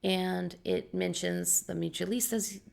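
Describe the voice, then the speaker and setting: A woman's voice: fairly low pitch, fairly even intonation, measured pace, creaky, a little mellow. A young adult woman, an English teacher, talking casually to her vlog audience with a scratchy voice and lots of fillers and disclaimers. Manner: chatty, full of disclaimers and fillers. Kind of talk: casual explanatory vlog talk.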